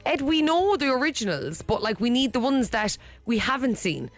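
A woman, co-hosting a casual chat, excitable and easily spooked. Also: fairly high pitch, moderate pace.

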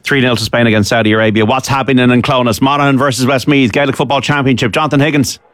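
A man presenting a radio sports show, linking segments in a quick, businesslike way. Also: medium pitch, fairly even intonation, a bit bright, a little hiss or hum. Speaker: radio host.

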